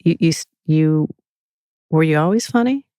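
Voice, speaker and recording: A woman's voice: deep voice, lively intonation, normal speed, mellow, no echo, studio quality. A woman hosting an interview, asking probing, curious questions and often backing up her guest with short replies. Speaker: host.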